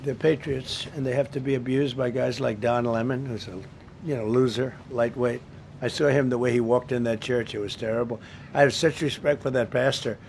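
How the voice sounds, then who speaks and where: A man's voice: mid-range voice, fairly even intonation, moderate pace, vocal fry, a little mellow, slight background noise. A man speaking off the cuff at a press briefing, rambling, repetitive and emphatic.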